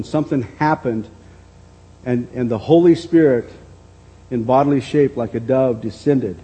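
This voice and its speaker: Husky low-key guy preaching, warm tone, reads a verse then talks it through, lots of repeated words. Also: muffled recording. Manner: unhurried, repeats words while reading scripture aloud. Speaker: pastor. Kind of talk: sermon.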